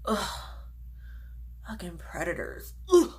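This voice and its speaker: A woman's voice: on the low side, sing-song, slow, darkish tone, slightly rough. A woman chatting casually in a makeup vlog, gushing over products, swearing freely and dropping into whispers. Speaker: beauty vlogger.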